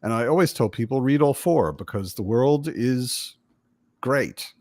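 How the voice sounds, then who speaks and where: Here he has a medium pitch and lively intonation, keeping a measured pace with a slightly mellow tone. Hosting his casual book chat by video call from home in Berlin, he rambles, chats, and corrects himself. Audio is clean studio quality without echo.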